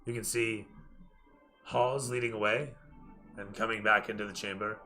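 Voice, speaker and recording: Male game master, clear bright tone, lowish pitch, cinematic second-person narration, music under. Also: level tone, moderate pace. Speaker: dungeon master.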